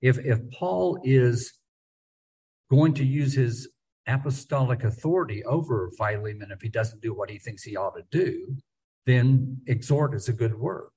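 A middle-aged man leads a Bible study with a husky, slightly breathy voice. He talks conversationally, often restarting his sentences and chuckling now and then. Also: medium pitch, measured pace, warm tone. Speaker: Bible teacher.

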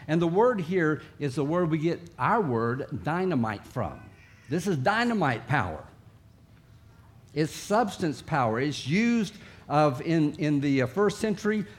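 A man preaching a sermon in a conversational way, sometimes acting out coaxing voices. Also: a little high. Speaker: pastor.

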